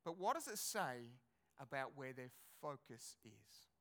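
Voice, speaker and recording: A male pastor preaching a sermon in an animated, conversational way, asking his congregation rhetorical questions. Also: medium pitch, a little slow.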